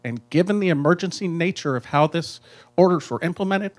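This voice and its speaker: A restaurant owner from the United States reading a firm, indignant statement and question at a town hall. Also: male voice, fairly high pitch, brisk.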